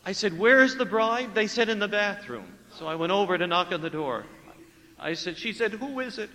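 A priest preaching a sermon, telling a story with lively acted-out dialogue and hushed asides. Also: male voice, high-pitched, normal speed, long reverb tail, poor audio. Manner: animated storyteller acting out dialogue, dropping to hushed tones.

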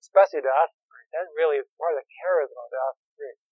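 A man's voice: a little high, racing, no room sound, dull audio. A man who is a priest and therapist, lecturing seminarians in a conversational, anecdotal way with wry humor.

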